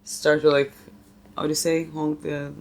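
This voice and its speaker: A woman's voice: low voice, flat delivery, moderate pace. A woman co-hosting a podcast who talks about a movie with enthusiasm, uses non-native phrasing and sometimes searches for words. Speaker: podcast co-host. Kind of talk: casual movie recap chat.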